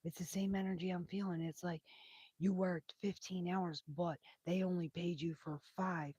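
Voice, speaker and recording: A soft-spoken woman reading tarot on a live stream, with a breathy, whispery voice that drifts into whispers and carries lasting damage from intubation. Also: on the low side, steady tone, moderate pace, no echo. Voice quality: breathy, whispery, hoarse-edged voice. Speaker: tarot reader.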